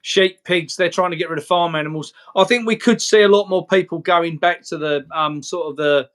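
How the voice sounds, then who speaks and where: Earnest man with a high voice. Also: fairly quick, a bit bright. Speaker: guest. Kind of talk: casual chat.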